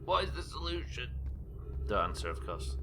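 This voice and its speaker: A man's voice: medium pitch, very animated, normal speed, vocal fry, bright, forceful tone, faint music behind. A young man from the UK streaming a game live, rambling, self-deprecating and swearing casually as he reads his viewers' messages aloud. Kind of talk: live gameplay commentary chatting with viewers.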